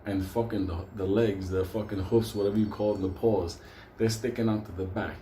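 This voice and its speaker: A man tells a wild story in loose, swear-filled talk, breaking into laughter along the way. His voice is dark and mellow. The sound bounces around a roomy space. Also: fairly low pitch, a little fast, slight background noise. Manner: profane, laughing, animated. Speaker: host. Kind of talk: casual storytelling. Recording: roomy echo.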